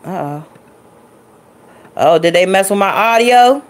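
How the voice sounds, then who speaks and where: A woman's voice: medium pitch, lively intonation, unhurried, a little hiss or hum. Chatty woman vlogger talking to y'all. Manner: loose, chatty, talks to viewers as y'all. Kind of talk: casual impromptu vlog chat.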